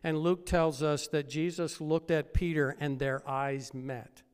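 A pastor preaching a sermon, retelling a story and building up to loud, emphatic peaks. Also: male voice, fairly high pitch, steady tone, a little slow, smooth, big-room sound.

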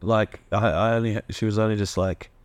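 A man's voice: lowish voice, steady tone, moderate pace. An Australian man co-hosting a casual podcast, musing with playfully absurd questions. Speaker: podcast co-host. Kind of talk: casual banter.

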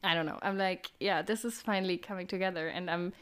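A young woman co-hosts a podcast, speaking fast in a fairly low, steady voice. Her chat is casual, full of fillers, and punctuated by frequent laughs.

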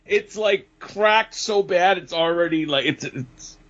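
A man's voice: sits high, slow. A man telling a story on a casual podcast, swearing a lot. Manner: animated, heavy swearing. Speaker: podcast co-host. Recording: dull lo-fi podcast audio.

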